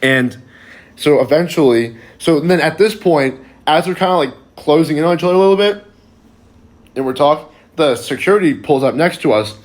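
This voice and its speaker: A man's voice: a little high, animated, normal speed. Young man rambling through a story. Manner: rambling, heavy use of "like" fillers. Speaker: storyteller on social video. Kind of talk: casual anecdote.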